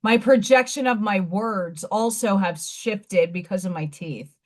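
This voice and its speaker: A woman's voice: mid-range voice, a little slow, a little mellow. A woman with a fading Staten Island New York accent, chatting bluntly and rambling on her own live stream. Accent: faded Staten Island New York. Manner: blunt, rambling, frequent restarts. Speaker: livestream host. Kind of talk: casual live-stream chat.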